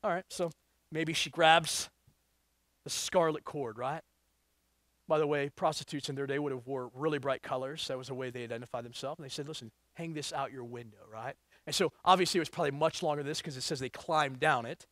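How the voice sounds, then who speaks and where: A man's voice: on the high side, fairly quick, fairly bright tone, no room sound. A male pastor preaching a sermon, reading scripture and asking the congregation emphatic rhetorical questions.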